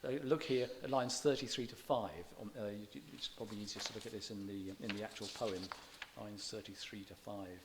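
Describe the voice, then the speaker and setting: A man's voice: on the low side, fairly even intonation, a little fast, hardly any pauses, background noise. A man lecturing on poetry to an audience, chatty and digressive, often stopping to correct himself. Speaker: visiting lecturer in English. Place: church hall.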